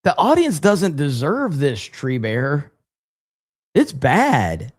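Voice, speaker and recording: A man hosts a casual livestream, reading viewer super chats aloud and answering them with joking exasperation. His voice sits slightly high for a man. The sound is close and dry, with little room around it. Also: huge pitch swings, slow, slightly rough, no room sound. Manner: jokey, exasperated reactions, reads viewer messages aloud.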